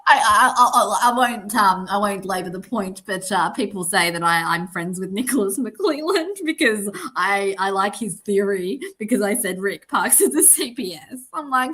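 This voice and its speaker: A woman's voice: mid-range voice, lively intonation, moderate pace, bright, forceful tone. A woman, hosting a casual livestream chat and laughing often. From Australia. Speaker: podcast host.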